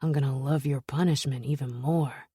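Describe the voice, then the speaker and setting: A brooding, protective husband, as a woman narrator puts him on, speaking in a low, husky murmur. He talks slowly, with a dark, deep pitch. It is a close, dry audiobook recording. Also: no room sound, heavily acted. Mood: teasing.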